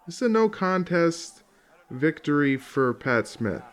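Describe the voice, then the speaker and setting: A man's voice: a little high, big pitch swings, a little slow. A man casually commentating on old fight footage, rambling, swearing often and laughing along.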